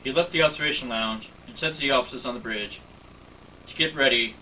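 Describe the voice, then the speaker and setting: Brief: man narrating a fan story, bright voice, distant mic, faint background noise. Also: mid-range voice. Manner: plain, slightly halting narration. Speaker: story reader. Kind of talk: reading a fan story aloud.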